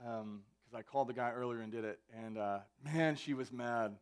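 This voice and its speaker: A man's voice: mid-range voice, steady tone, normal speed, few pauses, clean tone. A young man preaching a live sermon to students, in a conversational way with self-interruptions and joking asides. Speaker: student ministry pastor. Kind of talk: sermon to youth, anecdotal. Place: church venue, live service.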